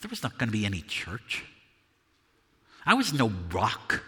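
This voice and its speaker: Guy doing remorseful apostle peter, bright forceful voice, long church reverb. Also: mid-range voice, huge pitch swings, husky, heavily acted. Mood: despondent. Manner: earnest, confessional, halting with repeated words. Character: Apostle Peter, a remorseful fisherman recounting his denial. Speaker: dramatic monologue performer at a church service. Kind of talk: first-person dramatic monologue. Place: church sanctuary.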